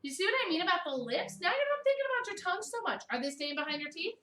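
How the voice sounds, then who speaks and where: A woman in her thirties from Baltimore with a mid-Atlantic American accent, teaching a vocal technique workshop in an animated way and singing vowel sounds aloud to demonstrate them. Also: very high-pitched, rapid-fire, crowd noise. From Baltimore, USA. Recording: echoey room, distant mic, faint hiss.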